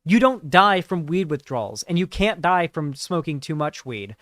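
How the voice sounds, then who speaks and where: A man's voice: on the high side, very animated, moderate pace, a bit bright, dry recording, clean studio sound. A man giving casual live-stream commentary, rambling and profane, with lots of fillers.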